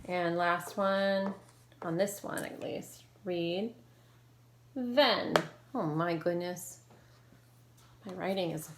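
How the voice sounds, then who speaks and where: A woman teacher leading an online phonics lesson, modeling sounds clearly and slowly and praising her students. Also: medium pitch. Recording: echoey room with faint noise.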